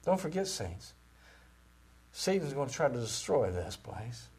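A man preaching a sermon with great passion, rising to loud cries and dropping to near-whispers. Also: mid-range voice, big pitch swings, unhurried. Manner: impassioned, swings from shouting to near-whispers.

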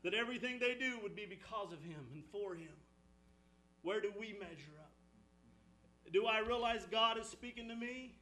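A man preaching an impassioned sermon, swinging between loud exhortation and hushed storytelling. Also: expressive, normal speed, a little hiss or hum, low-quality recording. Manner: impassioned, rising and falling, drops low for storytelling. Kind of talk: fervent sermon.

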